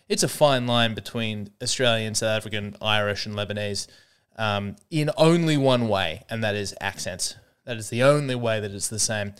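A man's voice: mid-range voice, clean tone. A young man hosting a comedy podcast alone, talking in a rambling, wry and self-mocking way. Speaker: podcast host. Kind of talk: comedic solo podcast monologue.

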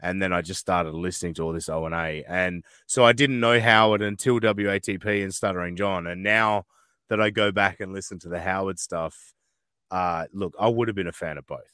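Australian guy, lower voice, lively storyteller, guest on a podcast, dry close mic. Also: clean tone, no room sound. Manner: quick, animated storytelling. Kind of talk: casual chat. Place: back shed.

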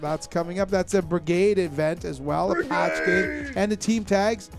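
A man's voice: high-pitched, animated, moderate pace, gravelly, music in the background. A man co-hosting a casual podcast, reading out event listings and stumbling over names and dates. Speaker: podcast co-host.

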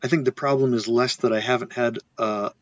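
A man's voice: medium pitch, fairly even intonation, a little fast, no room sound, muffled recording. A man who is a guest on a casual podcast, rambling in a laid-back way. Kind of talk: casual storytelling interview.

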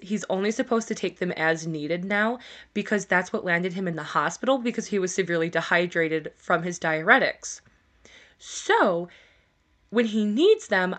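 A woman's voice: on the low side, fairly bright tone. Podcast co-host, woman, candid and foul-mouthed storyteller, casual delivery. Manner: candid, swears freely, laughs through her story.

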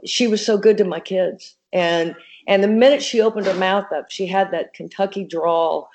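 A woman's voice: medium pitch, normal speed, darkish tone, a little hiss or hum. An older woman, an interview guest, telling rambling, affectionate stories in a casual way. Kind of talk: casual reminiscing. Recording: dull lo-fi recording.

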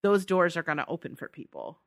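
A woman's voice: fairly low pitch, expressive, fairly quick, no room sound, studio quality. A woman co-hosting a podcast in casual chat, rambling and laughing often as she talks. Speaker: podcast co-host.

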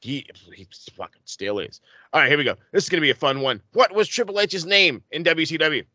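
A man asking wrestling trivia in a casual podcast chat, excitable and profane with rambling asides. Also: on the high side, brisk, no room sound. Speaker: trivia quizmaster.

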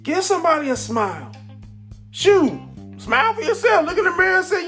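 A man's voice: very high voice, very animated, normal speed, bright, forceful tone, soft background music. A man giving casual, upbeat motivational talk to a camera, rambling and full of fillers. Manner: upbeat, preachy encouragement. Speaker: vlogger.

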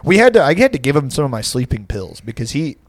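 A man's voice: medium pitch, very animated, fast talker. A man in his late twenties telling a rambling, profane story in casual chat, often breaking into laughter.

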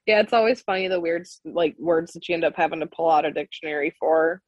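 A young American woman with a husky, lowish voice talks bluntly and swears freely. She chats casually on a podcast, recorded dry and close. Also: fast talker, no room sound, lo-fi sound. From United States. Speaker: podcast co-host. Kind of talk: casual chat.

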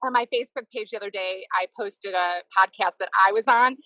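Loud, bright-voiced woman host. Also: medium pitch, fairly quick, no room sound, rough recording. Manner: loud, enthusiastic, chatty with many fillers. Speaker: podcast co-host. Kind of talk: casual podcast chat.

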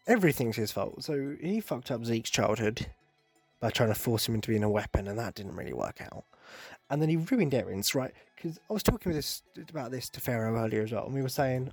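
A young man hosting a podcast, rambling in a casual monologue, excitable and sweary with self-mocking jokes. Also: mid-range voice, no room sound. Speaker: podcast host.

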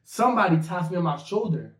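Young man in his twenties, high-pitched and animated, telling stories with laughter; roomy echo. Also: recorded from a distance. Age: 20s. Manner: excited, laughing, quick back-and-forth. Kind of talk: casual podcast storytelling.

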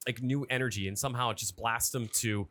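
A man with an Erie, Pennsylvania accent, co-hosting a casual chat and rambling through halting, restart-filled stories. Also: medium pitch, steady tone, a bit bright, dry recording.

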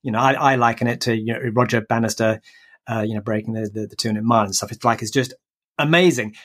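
A man's voice: medium pitch, fast talker, a bit bright. A man hosting a podcast in casual panel chat, chatty and steering his guests with questions. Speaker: podcast host.

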